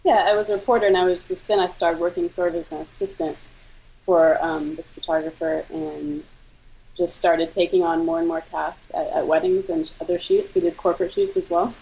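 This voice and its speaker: Female guest, wedding photographer, low mellow voice, relaxed storytelling. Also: fairly quick, rough recording. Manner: conversational, reflective storytelling. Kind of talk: casual interview.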